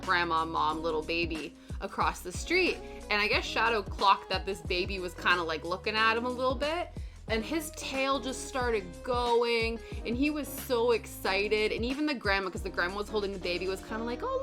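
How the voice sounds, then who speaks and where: A young woman chatting casually while she cross stitches on a stream, rambling through stories and answering chat. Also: mid-range voice. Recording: background music under voice.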